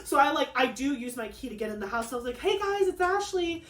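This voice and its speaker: Excitable young woman telling a story. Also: fairly high pitch, rapid-fire. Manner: excitable, rambling, full of fillers and acted quotes. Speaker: craft channel host. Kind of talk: casual storytelling chat. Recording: echoey room.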